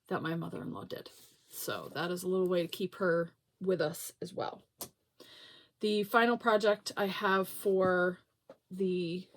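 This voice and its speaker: A middle-aged woman talks through her knitting projects in a relaxed show-and-tell chat. She speaks slowly and unhurriedly, joking at her own expense and laughing often, with a medium-pitched voice. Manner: chatty, self-deprecating, laughs often. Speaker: knitting podcast host.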